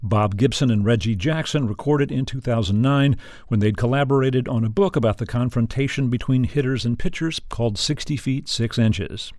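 A man hosting a radio interview, asking questions and reading measured, scripted introductions. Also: mid-range voice, a little mellow, no room sound, clean studio sound. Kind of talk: broadcast interview and narration.

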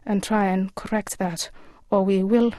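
Earnest woman speaking in a flat, even tone. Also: medium pitch, no room sound, clean studio sound. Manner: earnest, measured, with frequent pauses and fillers. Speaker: author and guest. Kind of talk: radio interview answers.

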